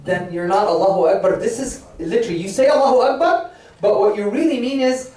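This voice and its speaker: A man's voice: high voice, animated, fast talker, a little mellow. Echoey far-off man teaching Quranic verses. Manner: fires rhetorical questions and acts out quoted voices. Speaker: religious teacher. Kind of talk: lecture explaining Quranic verses.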